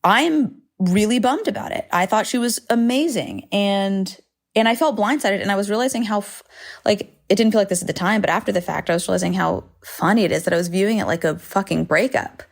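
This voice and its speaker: A woman in her thirties talks briskly in a creaky, mid-range voice on her solo podcast. Her candid monologue rambles frankly, with self-deprecating asides and swearing, recorded in a home space where planes pass overhead.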